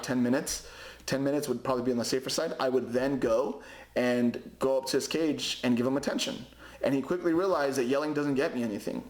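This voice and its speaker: A young man talks through parrot-care advice in a relaxed, rambling way, stopping often for fillers and restarts. His voice sits at an ordinary middle pitch. The room around him is echoey. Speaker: parrot owner giving care tips. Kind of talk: casual advice vlog. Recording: roomy echoey home recording.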